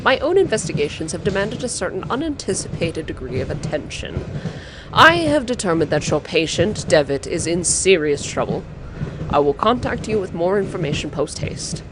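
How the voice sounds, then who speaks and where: A woman's voice: low-pitched, animated, normal speed, background noise. A woman reading aloud a letter from a formal male doctor, in a plain voice.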